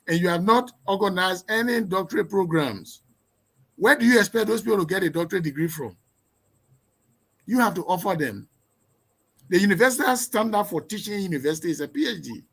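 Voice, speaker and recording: A man from Liberia, an education professor, answering interview questions in an emphatic, lecturing way, firing off strings of rhetorical questions and swinging sharply between loud and soft, quick and slow. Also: high voice. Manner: sweeping shifts in loudness and pace.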